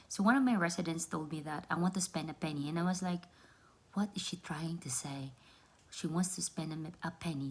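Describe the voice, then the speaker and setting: A young woman talks straight to her viewers in a relaxed vlog. Her voice sits low for a woman. She explains things earnestly and repeats words to make her point. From Philippines. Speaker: vlogger. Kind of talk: casual vlog talk.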